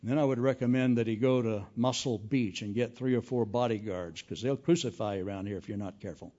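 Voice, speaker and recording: A man's voice: medium pitch, brisk, hardly any pauses. A man preaching a humorous sermon as an evangelist, telling folksy stories with jokes. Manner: folksy, joking, animated storytelling. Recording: dull lo-fi recording.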